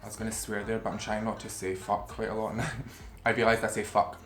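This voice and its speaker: A man's voice: lowish voice, flat delivery, brisk, roomy sound. A man vlogging casually to camera while he eats, rambling and swearing freely as he talks. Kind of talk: casual eating-show chat to camera. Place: room at home. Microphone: camera facing him.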